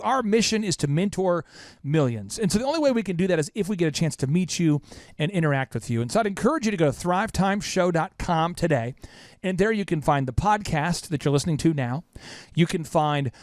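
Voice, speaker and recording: A man hosting a business podcast in an emphatic, punchy way, his voice sitting high and leaping around. He keeps firing questions at his cohost. The sound is dry and close. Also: darkish tone, dry recording. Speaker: podcast host. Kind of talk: energetic business podcast talk.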